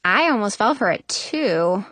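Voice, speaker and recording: A woman narrating a children's story in the first person, chatty and expressive. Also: medium pitch, a little slow, dry recording. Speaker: audiobook narrator.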